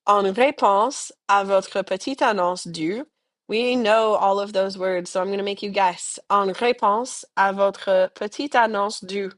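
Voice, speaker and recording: Patient woman teaching French drills. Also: medium pitch. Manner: slow, clearly enunciated model phrases for students to repeat; chatty, patient explanations in English. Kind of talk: recorded language lesson, repeat-after-me drills.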